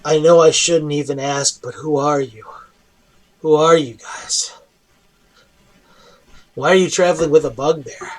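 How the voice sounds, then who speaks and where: A weary human prisoner, voiced by a man, pleads for rescue in a tabletop game. He rambles and repeats himself, with a voice pitched a bit high. His words stumble over one another. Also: fairly even intonation, measured pace, pauses often, close to an everyday voice.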